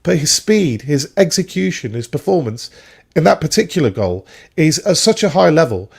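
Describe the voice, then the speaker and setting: A man with a slightly high voice talks football at length. He explains his points in an opinionated, lecturing way, as though laying out a case. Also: very animated, moderate pace, vocal fry, husky. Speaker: football fan show panelist. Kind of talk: casual football chat.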